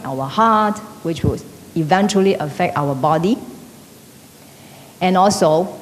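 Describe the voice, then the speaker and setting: Woman lecturing in an echoey hall. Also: darkish tone. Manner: conversational, frequent tag questions like "okay?" and "right?". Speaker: teacher. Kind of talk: classroom lecture. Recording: echoey hall with faint rumble.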